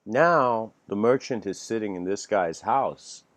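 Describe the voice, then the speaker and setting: A man's voice: fairly low pitch, measured pace, dry recording. A man giving a casual livestreamed spiritual lecture, telling a story in a rambling way with many fillers and restarts. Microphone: home livestream mic.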